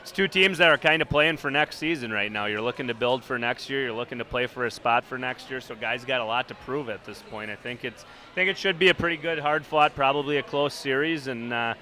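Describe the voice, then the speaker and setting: A man with a bright, forward voice talks quickly as a hockey coach guest. He sounds relaxed and casual and often circles back on his words as he thinks. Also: mid-range voice, slight background noise. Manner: relaxed, repeats phrases while thinking. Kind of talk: casual sports talk. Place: sports bar.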